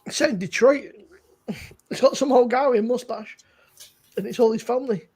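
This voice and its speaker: Gravelly, husky man chatting about beer. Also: very high voice, fairly quick, a little mellow. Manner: swearing, storytelling, laughing. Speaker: beer-review streamer. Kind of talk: casual chat.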